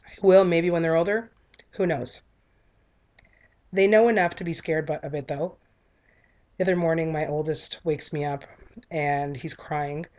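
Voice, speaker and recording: A woman in her thirties giving a candid, earnest talk that tells a personal story in a conversational way. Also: deep voice. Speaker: speaker sharing a personal story.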